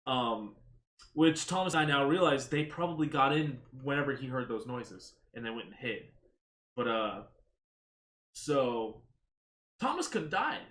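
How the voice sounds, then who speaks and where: A man's voice: mid-range voice, sing-song, measured pace, pauses often, fairly bright tone. Podcast guy, blunt offhand comments, room echo around him. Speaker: podcast co-host. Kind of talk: casual chat.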